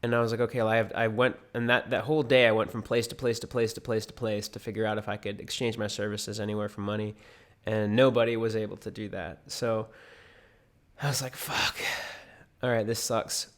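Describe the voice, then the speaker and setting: A man's voice: on the low side, flat delivery, a little fast. A young American man casually recounting a personal story, rambling with many fillers and restarts. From United States. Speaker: vlogger.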